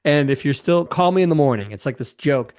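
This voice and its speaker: A man's voice: fairly high pitch, expressive, a little fast, darkish tone, clear, resonant tone. Enthusiastic man retelling a film. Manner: enthusiastic rambling retelling with restarts. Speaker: podcast co-host. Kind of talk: casual film discussion.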